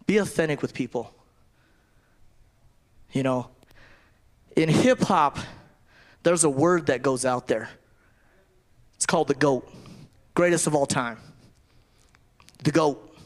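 Man preaching a casual, halting sermon. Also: a little high. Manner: conversational preaching with repetitions and restarts.

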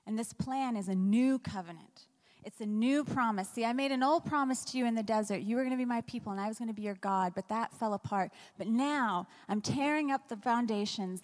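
Woman pastor, fairly high voice, casual sermon delivery, recorded in a reverberant sanctuary. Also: darkish tone. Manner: conversational preaching with rhetorical questions.

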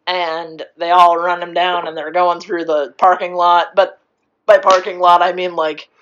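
A woman's voice: lowish voice, level tone, measured pace, slight background noise. A young woman casually recapping a show with a friend, rambling, swearing freely and laughing often. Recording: muffled lo-fi recording.

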